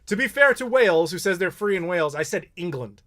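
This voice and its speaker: An American man from Chicago hosting a casual live chat, telling rambling, animated stories with laughs and the odd swear. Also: high voice, quick pace. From Chicago, United States. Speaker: YouTube host answering live questions.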